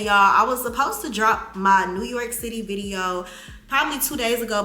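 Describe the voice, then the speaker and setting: Lively young woman vlogger, bright and roomy. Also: medium pitch. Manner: animated, slangy, talks straight to viewers. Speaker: vlogger, mother. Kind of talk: casual Q&A vlog chat.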